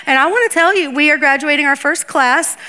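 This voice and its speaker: A woman pastor preaching on a church stage and interviewing guests, in a lively, chatty, laughing way. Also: sits high, a little fast.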